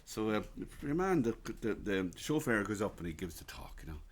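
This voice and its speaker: A man's voice: on the low side, big pitch swings, fairly quick, a little hiss or hum. An Irish fiddler from County Louth telling a story between tunes at a house concert, chatty and teasing, repeating his words as he goes. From Ireland. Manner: chatty, teasing, restarts phrases with a laugh in his voice. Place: living room at a house concert.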